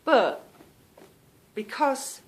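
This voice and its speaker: A woman's voice: high voice, sing-song, very slow, slight background noise. A woman hosting a podcast, chatting casually at home and calling her listeners "girl" and "girlies". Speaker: podcast host. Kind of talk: casual chat.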